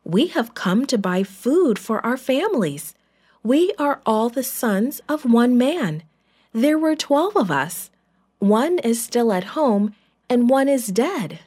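A woman's voice: a little high, big pitch swings, slow pace, darkish tone, slightly rough, pitched above the performer's own voice, full character voice. Anxious pleading brothers, voiced by a woman. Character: worried adult brothers pleading together.

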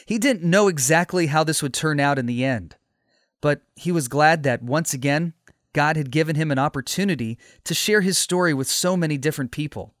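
Dry, slightly high male storyteller. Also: no echo. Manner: steady, measured storytelling. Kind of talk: scripted story narration.

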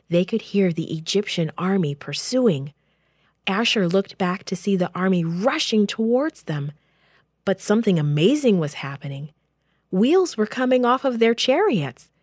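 A woman reading a children's Bible story aloud in a gentle, expressive storytelling voice. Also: medium pitch, measured pace, dry recording, studio quality.

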